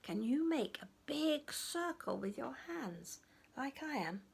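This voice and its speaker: Animated woman storyteller for children. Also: sits high, slow, vocal fry, husky. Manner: animated, audience-prompting, drops to whispers.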